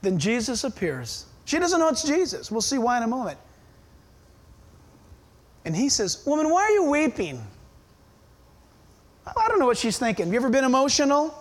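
A man with a strikingly high voice preaches a sermon. He presses each point hard and keeps throwing pointed questions at his congregation. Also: very animated, brisk, long pauses. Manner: emphatic, fires rhetorical questions at listeners. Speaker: pastor.

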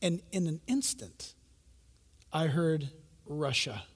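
A man with a high-pitched voice delivers a sermon in a large church hall. He moves between hushed storytelling and sudden loud calls to the congregation. Long reverb hangs on every phrase. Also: sing-song, slow, slightly rough. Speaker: pastor.

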